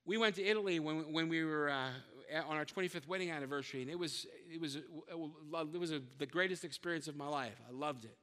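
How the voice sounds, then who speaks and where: A man's voice: a little high, fairly quick, hardly any pauses, a bit bright, long reverb tail. An older man preaching a sermon as pastor, talking in a conversational way with joking asides and often repeating words as he searches for them.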